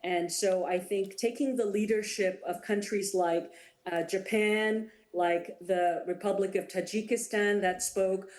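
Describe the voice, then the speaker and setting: Woman on a panel via video call, roomy echoey sound, stumbles a bit then explains calmly. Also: lowish voice. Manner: quick, starts with stumbling restarts and then turns measured. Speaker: panelist joining online. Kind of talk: panel discussion answer.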